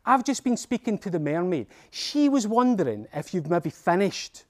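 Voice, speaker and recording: An eager, cheeky boy, put on by a Scottish man chatters brightly and politely, his voice bouncing high. A storybook hero running errands for one creature after another. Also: sing-song, moderate pace.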